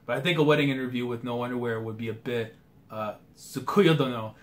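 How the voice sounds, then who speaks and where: A man's voice: mid-range voice, a little fast. A young man reading a manga aloud for a live reaction video, breaking off into slangy asides. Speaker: anime and manga reaction youtuber.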